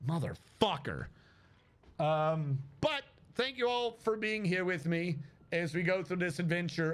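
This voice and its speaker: A man's voice: on the high side, fairly bright tone. A man streaming a game live, talking through his play and venting at it with heavy swearing. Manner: profane, exasperated venting. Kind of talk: live-stream gameplay commentary.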